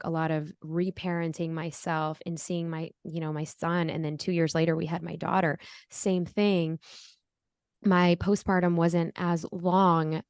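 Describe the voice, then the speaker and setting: A woman's voice: fairly low pitch, a little mellow, clear, resonant tone, no echo, studio quality. A middle-aged woman telling her personal story as an interview guest, earnest and reflective, with frequent fillers.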